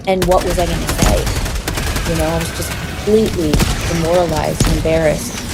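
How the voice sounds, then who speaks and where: A woman telling her personal story in an interview, in a halting, confessional way. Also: lowish voice, creaky, very noisy.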